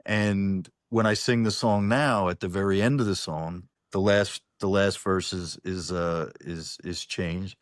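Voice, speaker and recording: A singer-songwriter talking in a casual online interview, rambling with many restarts and some swearing. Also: male voice, sits low, steady tone, measured pace, few pauses, dry recording, studio quality. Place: New Orleans-based. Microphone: online interview call.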